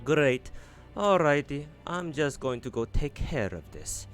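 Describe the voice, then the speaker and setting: A man's voice: fairly high pitch, very animated, measured pace, faint music behind, pitched above the performer's own voice. A man voicing a campy, flamboyant, cheerful man with a put-on Italian accent that drifts toward Russian, reading game dialogue aloud. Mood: playful.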